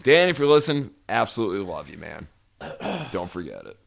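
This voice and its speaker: A man's voice: lowish voice, very animated, fairly quick, vocal fry. A man in his forties co-hosting a podcast, telling a long profane story in casual chat. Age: 40s. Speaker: podcast co-host.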